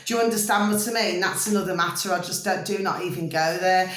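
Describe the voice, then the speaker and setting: A fairly low but slightly bright female voice talks fast in this casual home vlog, recorded in an echoey room. She chats to camera and keeps checking that her audience is with her.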